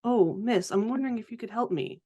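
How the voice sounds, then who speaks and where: A tabletop player voicing a gentle woman who coaxes and plays along with a little princess. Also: medium pitch, a little fast, pitched above the performer's own voice, lightly acted. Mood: coaxing. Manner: gentle, coaxing.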